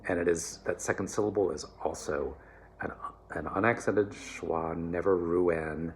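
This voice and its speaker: A man teaching German pronunciation to singers, relaxed and encouraging, often checking in with "all right?" and slowly modeling words. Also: deep voice, slight background noise. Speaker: choir diction coach. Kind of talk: German diction lesson for singers.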